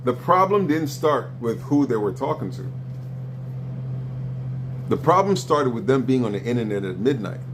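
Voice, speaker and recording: A man lecturing hard on a live stream, blunt and profane, his pitch jumping up when he presses a point. A faint hiss of noise sits under his voice. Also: lively intonation, normal speed, long pauses. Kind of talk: heated argument on a live stream.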